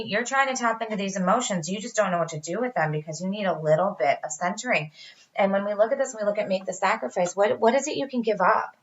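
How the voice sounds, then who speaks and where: A woman's voice: medium pitch, dull audio. A woman giving a casual tarot reading to her viewers, chatty and reassuring, talking straight to them. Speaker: tarot reader.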